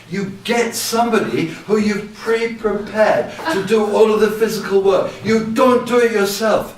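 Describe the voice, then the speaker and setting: A man with a fairly high voice gives a lively seminar, acting out his stories with playful sound effects. His quiet voice reaches the listener through a hall PA, heard from a distance with heavy room echo and a faint hiss behind it. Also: measured pace, few pauses. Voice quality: naturally quiet voice. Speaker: seminar presenter. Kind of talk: lecture to a live audience. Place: large hall with loudspeakers. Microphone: microphone at ten centimeters, through a PA. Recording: very echoey hall, distant from the camera.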